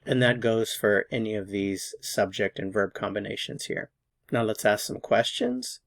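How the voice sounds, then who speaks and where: A man teaching a recorded language lesson, explaining rules slowly and patiently and repeating example sentences. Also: fairly low pitch, steady tone, gravelly, no room sound.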